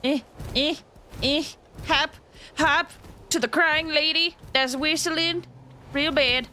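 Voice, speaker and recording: A woman's voice: high-pitched, steady tone, slow pace, sharp tone, slight background noise. A woman streamer giving casual, playful commentary while playing a game, often giggling.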